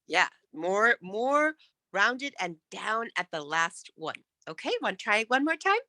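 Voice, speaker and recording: Slow, bright-voiced woman speaking coach. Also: mid-range voice, sing-song, no echo. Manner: encouraging, demonstrates falling intonation. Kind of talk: online workshop coaching.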